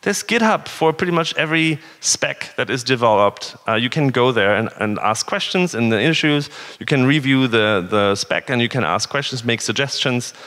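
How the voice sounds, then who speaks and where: A man's voice: mid-range voice, animated, normal speed, few pauses, a bit bright. Earnest male conference speaker in hall. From northern Germany. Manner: conversational, earnest, rhetorical questions. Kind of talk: tech conference talk. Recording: reverberant hall.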